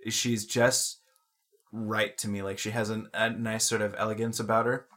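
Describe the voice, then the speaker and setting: Low-voiced man rambling on a podcast. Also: little pitch movement, moderate pace, fairly bright tone. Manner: rambling, lots of ums and restarts, swears casually. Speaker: podcast co-host. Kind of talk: casual podcast chat.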